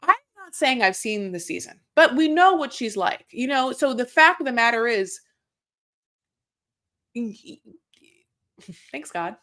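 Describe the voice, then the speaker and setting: A woman's voice: on the high side, very animated, a little slow, long pauses, fairly bright tone. A woman host chatting casually as she recaps reality TV. She rambles, talks in circles and swears.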